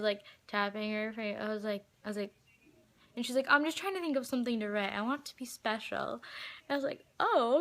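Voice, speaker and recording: A teenage girl tells a fan story to her camera in a casual vlog. Her voice sits a little high. She giggles often and quotes everyone with a string of "like"s. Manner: excited and giggly, heavy use of "like" and quoted dialogue.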